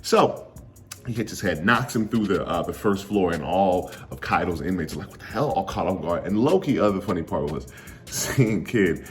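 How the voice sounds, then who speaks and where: Lively deep-voiced young man recapping a comic. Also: normal speed, faint music behind. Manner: animated, slangy, jokey, laughs often. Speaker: manga reviewer. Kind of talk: casual comic chapter recap.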